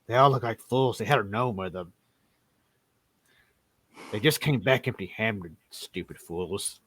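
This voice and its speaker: A man's voice: on the low side, animated, a little slow, fairly bright tone, no echo. A man voicing a swaggering drunk townsman who brags and slurs. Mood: boastful drunk.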